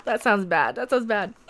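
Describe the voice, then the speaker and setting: A woman's voice: a little high, gravelly, darkish tone. A woman hosting a live stream, chatting casually with her viewers in a rambling, candid way and swearing freely.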